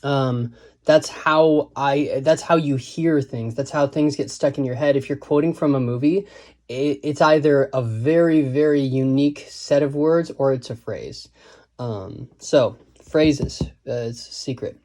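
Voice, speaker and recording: A man's voice: medium pitch, a little slow, a little mellow. A man giving a casual, digressive lesson on writing, thinking aloud and reciting quotes and lines of verse. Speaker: writing teacher.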